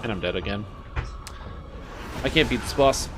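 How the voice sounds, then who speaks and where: A man's voice: mid-range voice, animated, brisk, pauses often, noisy background. A young man streaming a video game at home, giving casual commentary with sarcastic, profane rants. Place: apartment.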